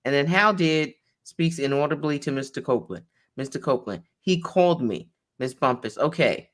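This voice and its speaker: A woman's voice: deep voice, lively intonation, normal speed. A woman attorney reading a court transcript aloud in a conversation, naming each speaker as she goes.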